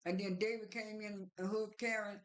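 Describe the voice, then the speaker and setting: A vlogger talks through a reality show episode in a loose, unscripted monologue. The voice sits at a middle pitch. Sentences stall on fillers, restart and pile up with "and then.". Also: flat delivery, normal speed. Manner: rambling, many fillers and restarts; strings events together with "and then". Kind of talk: casual retelling monologue.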